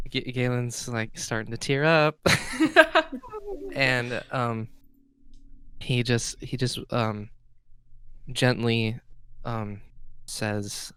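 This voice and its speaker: A man playing a tabletop role-playing game, narrating and speaking as his character in a slow, gentle, halting way. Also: mid-range voice, fairly even intonation, clear, resonant tone. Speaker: player.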